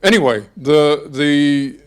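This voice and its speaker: An older man giving a reflective masterclass talk, thoughtful and halting, with frequent restarts and fillers as he searches for words. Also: fairly high pitch, smooth. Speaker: guest speaker giving a masterclass. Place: lecture hall before an audience.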